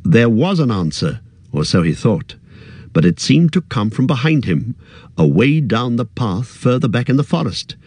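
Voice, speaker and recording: Male audiobook narrator, mid-pitched, measured, dry studio sound. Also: very animated, a little mellow, breathy edge, no room sound.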